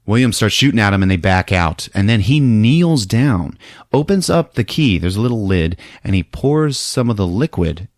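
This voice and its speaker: A man hosting a podcast, casually recapping a film in an animated way, laughing often and acting out the lines. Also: lowish voice, normal speed, dry recording, studio quality. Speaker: podcast host.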